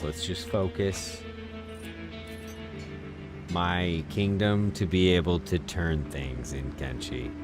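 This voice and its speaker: Man, low voice, game streamer, rambling self-talk, chuckles, music in the background. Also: slow, pauses often. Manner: rambling, talks to himself, chuckles often. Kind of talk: casual gameplay commentary.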